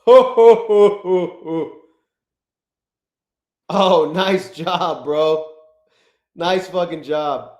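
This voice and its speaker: Hyped up guy streaming, cursing a lot, kinda high voice, roomy echo. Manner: excitable, swears a lot, greets chat. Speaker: live-stream trader. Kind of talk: casual live-stream commentary.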